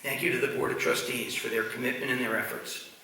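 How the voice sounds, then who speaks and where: In a large meeting hall, the new president of a medical society gives a formal speech to delegates, cracking jokes and thanking colleagues. His medium-pitched voice is fairly even in intonation, fast, pushed and bright, with slight background noise. The distant mic picks up an echoey hall and a murmuring crowd.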